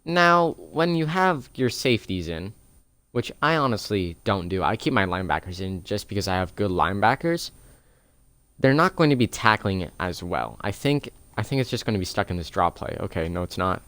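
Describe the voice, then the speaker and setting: A young man casually explaining a football video game's defensive plays step by step, chatty and relaxed, recorded at home on a close desk mic. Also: fairly low pitch, moderate pace, no echo. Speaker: gaming video creator. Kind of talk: casual gameplay tutorial.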